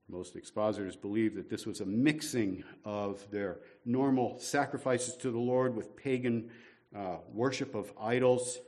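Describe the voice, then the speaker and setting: A man's voice: lowish voice, measured pace, a little mellow. A man in the middle of a sermon, talking to his church plainly and conversationally. He asks the congregation rhetorical questions and pokes fun at himself as he goes. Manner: conversational, self-deprecating humor, rhetorical questions. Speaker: guest preacher.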